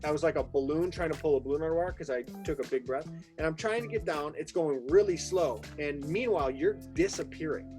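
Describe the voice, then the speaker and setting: Excitable male host telling a story. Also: fairly high pitch, fast talker, hardly any pauses, faint music behind. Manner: excitable, vivid retelling with acted-out quotes. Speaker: podcast host. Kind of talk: animated storytelling in casual conversation.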